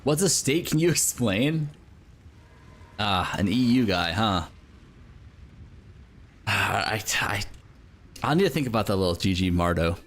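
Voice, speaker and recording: A man's voice: on the low side, expressive, measured pace, pauses often, a bit bright. Rambling American man chatting on stream. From United States. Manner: rambling, filler-heavy, swears and laughs often. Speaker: game streamer. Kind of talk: casual livestream chat with viewers.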